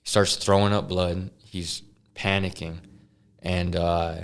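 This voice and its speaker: A man as a podcast guest, earnestly telling a personal story with halting restarts and sighs. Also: low voice, little pitch movement, smooth. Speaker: interview guest.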